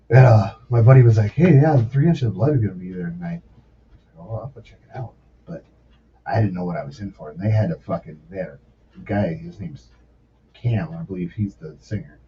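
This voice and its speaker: A man in his forties telling rambling, profane stories in a casual podcast chat. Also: low voice. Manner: profane, rambling, animated storyteller. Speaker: podcast guest, former sous chef. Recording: distant mic, dull lo-fi sound, faint background noise.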